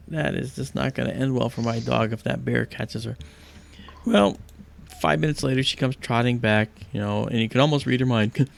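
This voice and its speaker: A man hosting a live stargazing stream, telling rambling, animated stories with many fillers and pauses. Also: mid-range voice, creaky. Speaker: livestream host. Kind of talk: casual storytelling during a live stargazing stream.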